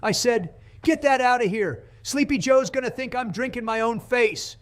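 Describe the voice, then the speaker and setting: A man's voice: very high voice, normal speed. A man putting on a boastful, blustering male politician impression, bragging and throwing insults while playing a game. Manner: bragging, insulting, repetitive superlatives. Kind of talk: comedic gameplay voice impression.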